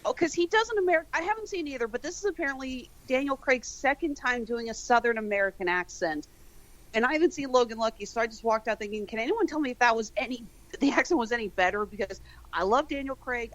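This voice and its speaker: A woman guesting on a movie review podcast, joking with quick animated asides. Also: fairly high pitch, poor audio. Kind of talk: casual movie review chat.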